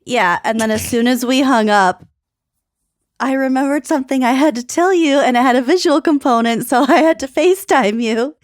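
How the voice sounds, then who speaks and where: A woman's voice: high-pitched, moderate pace, dry recording, studio quality. A woman co-hosting a chatty podcast who tells stories with frequent giggles. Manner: giggly, storytelling. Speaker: podcast co-host. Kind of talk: casual chat.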